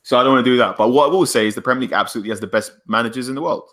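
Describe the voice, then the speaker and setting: A man co-hosting a casual football podcast, animated and quick to argue, laughing often. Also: mid-range voice. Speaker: podcast co-host. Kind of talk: casual chat.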